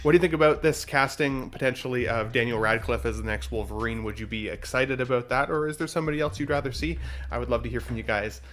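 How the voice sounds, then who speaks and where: A man's voice: medium pitch, fast talker, fairly bright tone, slight background noise. A man hosting a casual movie-news live stream, upbeat and talking to his viewers. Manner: upbeat, addresses the chat audience. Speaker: host.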